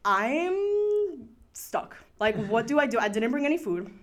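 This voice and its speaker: Brief: young woman, a bit high-voiced, chatty storyteller, lots of fillers, slips in Spanish words. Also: fast. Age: young adult. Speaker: student storyteller. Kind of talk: casual storytelling.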